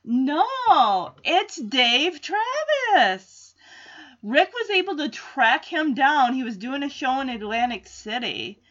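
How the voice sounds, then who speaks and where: Woman vlogger, high bright voice, unhurried chatty recap, a bit lo-fi. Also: big pitch swings. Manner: chatty, amused, acts out quotes. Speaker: vlogger recapping a sitcom episode. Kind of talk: casual reaction chat.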